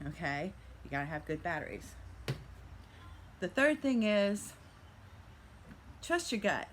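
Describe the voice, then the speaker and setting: A middle-aged woman spins a playful, animated storytelling vlog, her pitch rising and dipping widely. She narrates her own reseller doings as a fairytale. A faint hiss of background noise sits under her voice. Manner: playful, animated storyteller speaking of herself in third person. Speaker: reseller vlogger.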